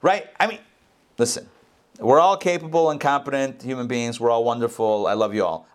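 A man of middle pitch walks his listeners through a scripture passage. He keeps it informal, with conversational phrasing and jokey asides between the verses. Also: animated, normal speed. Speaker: Bible teacher.

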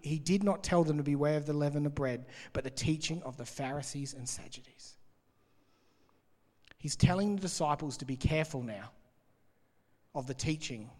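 A man preaching in a big hall, his voice trailing off in a long reverb. He speaks a little higher than most men and keeps a lively, conversational style as he explains scripture. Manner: conversational and animated, laughing between points. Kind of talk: sermon, reading and explaining scripture.

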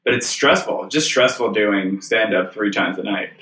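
A man's voice: on the low side, normal speed, bright, forceful tone. A man who is a stand-up comic guest, chatting casually, blunt and profane, laughing often. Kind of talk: casual chat. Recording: roomy echo.

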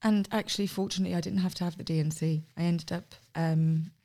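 A woman telling her own life story on a podcast, frank and animated, often acting out what was said. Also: lowish voice, fast. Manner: frank, animated, acts out past dialogue. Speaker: podcast founder and guest. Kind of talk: candid personal storytelling.

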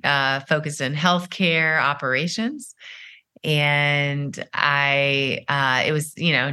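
A middle-aged woman, a company founder, giving measured, explanatory answers in a podcast interview, with many "uh"s and "you know"s. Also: low voice, sharp tone, clean tone.

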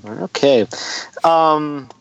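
A man hosting a casual sports podcast, animated and quick to laugh, stressing words by repeating them. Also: a little high, vocal fry, muffled recording, slight background noise. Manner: animated, laughing, repetitive emphasis. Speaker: podcast host.

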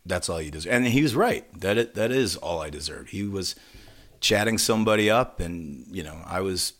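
A man's voice: on the low side, expressive, normal speed, a bit bright. A man co-hosting a podcast, telling a story in a casual, self-deprecating and rambling way. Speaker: podcast co-host.

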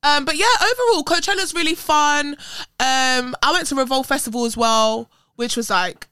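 A young woman, hosting a podcast in casual chat, animated and swearing freely. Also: sits high, normal speed, dry recording, studio quality. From England. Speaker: podcast host. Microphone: studio podcast mic.

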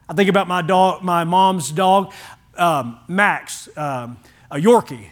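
Pastor, high voice, folksy, animated sermon that drops to a hush. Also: male voice, unhurried. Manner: animated, folksy, shifts from loud to hushed.

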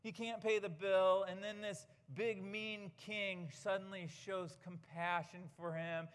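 A man's voice: a little high, fairly bright tone, clean tone. A man preaching a sermon as pastor, earnest and emphatic, asking rhetorical questions. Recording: church hall reverb.

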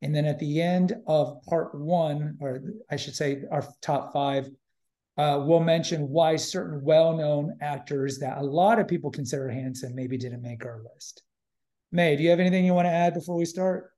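A man's voice: fairly high pitch, normal speed, warm tone. A man hosting a podcast in casual chat, opinionated and emphatic, often repeating himself. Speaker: podcast host.

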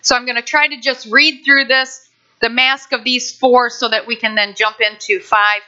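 Bright, lively woman pastor preaching. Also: on the high side, moderate pace, dull audio. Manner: lively, conversational preaching with playful asides. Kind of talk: sermon. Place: church sanctuary.

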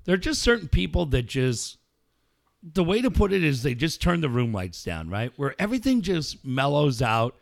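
Guy with a gravelly kinda high voice, swearing a lot, telling a story all over the place, dry sound. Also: moderate pace, dry recording. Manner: profane, animated storyteller. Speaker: podcast co-host telling a story. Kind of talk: casual chat.

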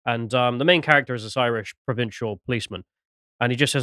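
Male co-host, quick mocking storyteller, bright forceful voice, dry close sound. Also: mid-range voice, dry recording. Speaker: podcast co-host. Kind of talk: casual political discussion podcast.

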